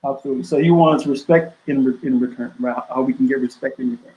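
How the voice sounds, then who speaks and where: A man's voice: medium pitch, fairly even intonation, fast talker, warm tone, reverberant, muffled recording. A man, an author and interview guest, talking in a casual podcast interview, making his points emphatically with rhetorical questions and a repeated "right?".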